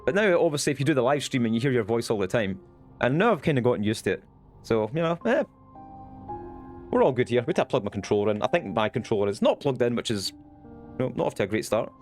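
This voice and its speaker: Scottish guy rambling on his stream, chatty, swears a bit, middle pitch, faint music behind. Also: big pitch swings, quick pace, a little mellow. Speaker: Twitch streamer. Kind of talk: casual live-stream chat.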